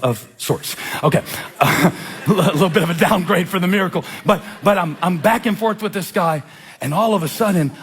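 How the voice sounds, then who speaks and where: Male pastor, 40s, slightly high voice, animated self-mocking sermon storyteller. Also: slightly rough. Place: church.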